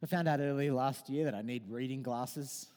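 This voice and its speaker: A man in his thirties preaching a sermon in a conversational, animated way, mixing in personal stories. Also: medium pitch, normal speed, in a large hall. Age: 30s.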